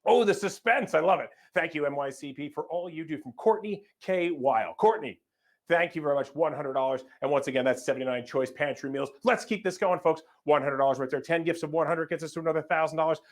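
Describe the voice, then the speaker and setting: A man's high-pitched voice drives a live fundraising appeal. He announces gifts in an energetic, upbeat stream and trips over the odd name as he thanks each donor. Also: fast. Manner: stumbles over names. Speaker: fundraiser emcee.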